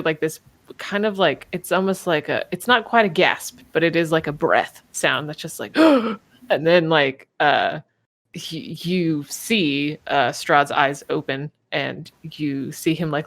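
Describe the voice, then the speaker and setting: A woman's voice: low-pitched, a little slow, fairly bright tone. A woman narrating a tabletop game as game master, casual and hesitant with many fillers.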